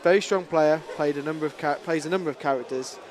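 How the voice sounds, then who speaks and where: A man's voice: on the high side, fast. A man casually commentating a fighting game tournament, chatty and playful, often laughing.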